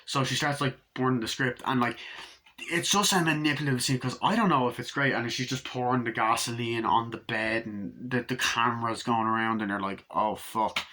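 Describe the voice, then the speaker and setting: Man, casual film reviewer, excitable, swears a lot, bright voice. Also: mid-range voice, a little fast. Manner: excitable, heavy swearing, acts out scenes.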